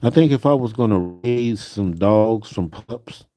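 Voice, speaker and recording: A man talking on his live stream, drifting from thought to thought and checking in with "you know?" His voice has a warm, relaxed timbre. He takes his time, and the sound is close and dry. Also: lowish voice, unhurried, no echo. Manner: rambling, musing, peppered with "you know". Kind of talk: casual live-stream chat.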